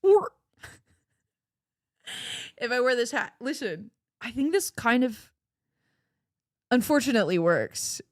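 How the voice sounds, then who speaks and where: A woman's voice: on the high side, big pitch swings, slow pace, pauses often, no room sound, studio quality. A woman chatting casually on a live stream, playful and giggly, laughing often, her voice cracking. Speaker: livestreamer.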